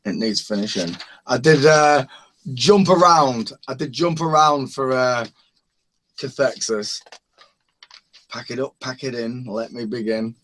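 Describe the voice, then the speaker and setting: A man's voice: medium pitch, unhurried, long pauses, a bit bright. A man chatting casually in an online hangout, rambling and chuckling as he lists parody songs he has made. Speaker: open-mic hangout participant. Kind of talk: casual chat.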